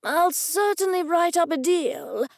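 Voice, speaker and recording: A woman voicing an older male gallery owner who gushes with slow, drawn-out enthusiasm, in an audiobook. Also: a little high, animated, vocal fry, husky, dry recording, studio quality, full character voice. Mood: gushing.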